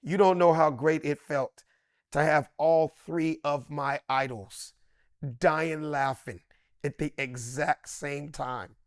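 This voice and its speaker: A man in his fifties tells a story in an interview with a comedian's lively, emphatic delivery. His voice sits fairly high for a man. It sounds close and dry, with almost no room around it. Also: takes it slowly, no echo. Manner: lively and emphatic, swinging from loud excited bursts to low hushed asides. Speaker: comedian and actor, interview guest. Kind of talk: animated storytelling in a sit-down interview.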